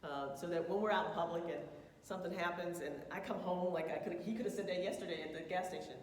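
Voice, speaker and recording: Speaking quickly in a lowish voice, a woman co-presenting a couples session recounts a personal story to the group, candid and reflective, with frequent laughter. She's picked up from afar in an echoey hall, with slight background noise.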